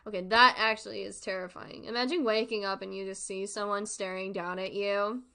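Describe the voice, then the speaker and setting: A woman's voice: medium pitch, steady tone, brisk, creaky, pushed and bright, clear, resonant tone. A young woman reading creepypastas aloud with comic commentary, swearing a lot and breaking into laughter. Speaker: creepypasta reader and reactor.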